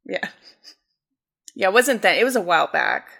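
A woman's voice: medium pitch, very animated, normal speed, vocal fry, bright, forceful tone. A woman in a mid-range voice tells a meandering story for a podcast. She thinks aloud and circles back on her words. The chat is loose and unscripted. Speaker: podcast co-host. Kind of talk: casual chat.

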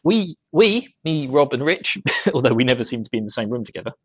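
A man's voice: medium pitch, sing-song, fairly quick, fairly bright tone, breathy edge, dry recording. A British man co-hosting a podcast in casual banter, joking and laughing often. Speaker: podcast co-host and editor.

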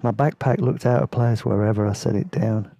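Laid-back guy rambling through stories, mellow low voice, dry close sound. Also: fairly even intonation, brisk, no room sound. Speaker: podcast host and storyteller. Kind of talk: casual spoken travel memoir.

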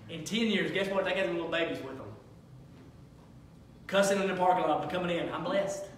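A pastor in his thirties preaches briskly in a high, bright voice, shifting from easygoing conversational talk to loud, shouted exhortation. In the church sanctuary the sound is distant and heavily echoing, with faint hiss underneath.

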